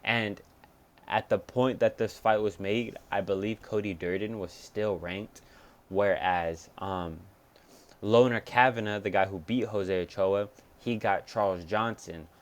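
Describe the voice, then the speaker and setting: A young man breaking down fight picks in a casual, rambling way, swearing often and thinking aloud as he changes his mind. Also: fairly low pitch. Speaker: MMA fight picks commentator.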